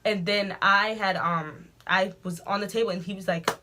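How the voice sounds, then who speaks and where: Animated woman telling a story. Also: medium pitch, normal speed. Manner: animated, dramatic retelling with frequent asides. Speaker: vlogger. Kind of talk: storytime vlog.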